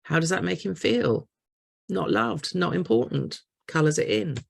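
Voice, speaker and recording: Gravelly-voiced woman telling a story. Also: on the low side, expressive, measured pace. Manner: warm storyteller acting out voices of parents and children. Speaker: trauma therapist giving a workshop talk. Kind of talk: storytelling workshop talk.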